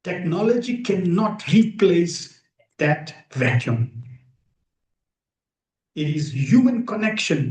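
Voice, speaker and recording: Male spiritual teacher, emphatic slow delivery, rhetorical questions, reverberant room. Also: high voice, a little mellow. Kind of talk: devotional talk to a live group. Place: room with a gathered audience. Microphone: streamed live over video call. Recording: echoey room.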